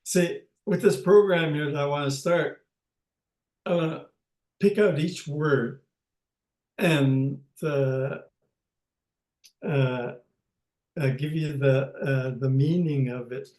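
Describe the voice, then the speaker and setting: An older man teaching a language lesson over a video call, speaking haltingly with many pauses and restarts. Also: on the high side, darkish tone, reverberant, poor audio.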